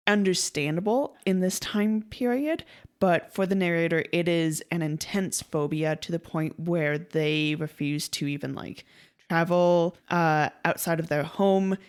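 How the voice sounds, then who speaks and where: A young woman co-hosts a casual podcast in a chatty, storytelling way. Her voice sits on the lower side for a woman. She acts out quoted lines and laughs easily as she talks. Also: steady tone, slow pace, clean tone. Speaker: podcast co-host.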